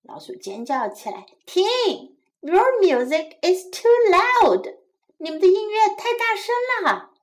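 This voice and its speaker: A woman's voice: very high-pitched, sing-song, unhurried, pitched above the performer's own voice, exaggerated voice. A woman voicing a small, sleepy mouse in a children's story, pleading and fed up with the noise. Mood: exasperated. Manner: pleading, growing exasperated.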